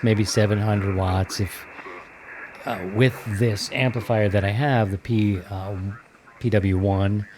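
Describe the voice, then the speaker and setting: A man's voice: on the low side, background noise. A middle-aged man hosting a radio hobby podcast, rambling along in easygoing, filler-heavy casual chat. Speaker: podcast host.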